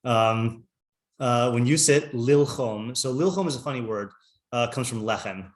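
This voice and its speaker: Chatty, laughing rabbi teaching a class. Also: male voice, medium pitch, a little slow. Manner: chatty, self-interrupting, laughs often.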